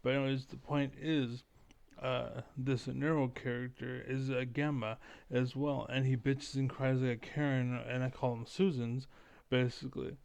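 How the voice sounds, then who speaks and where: A man's voice: mid-range voice, level tone, moderate pace, creaky, a little mellow. A man ranting casually on his stream, rambling and profane, with lots of filler words.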